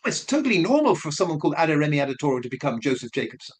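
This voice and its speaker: A man talks through his suspicions in a loose, chatty commentary. His voice sits a little high and swings widely in pitch as he questions and repeats himself. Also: very animated, very fast, slight background noise. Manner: questioning, speculative, repeats points. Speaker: commentary vlogger. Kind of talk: casual spoken commentary.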